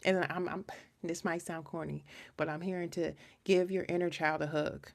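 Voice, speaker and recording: Low, gravelly woman tarot reader. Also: steady tone, normal speed. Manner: chatty and rambling, frequent restarts; earnest and emotional. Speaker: tarot reader hosting a live stream. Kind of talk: casual live-stream reading.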